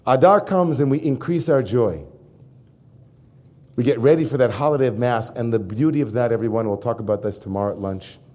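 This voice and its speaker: A rabbi giving a sermon to his congregation, emphatic and animated, often turning to address the listeners directly. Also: mid-range voice, a little fast.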